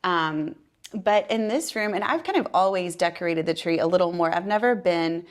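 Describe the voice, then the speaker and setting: A woman's voice: on the low side, expressive, normal speed. A woman co-hosting a casual chat from a room in her home, talking in a rambling way with many asides. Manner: chatty, rambling, with frequent asides. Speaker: podcast co-host.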